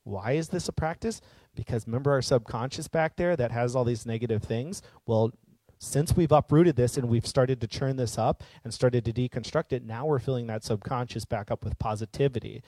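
A man's voice: medium pitch, a little fast, warm tone, dry recording. A man giving an earnest, casual reflective monologue, rambling a little with fillers and restarts.

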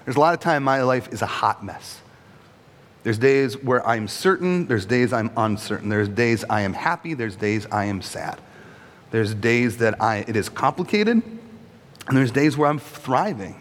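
A man's voice: medium pitch, lively intonation, moderate pace, long reverb tail. A male pastor preaching a sermon in a conversational, humorous way, often asking "right?".

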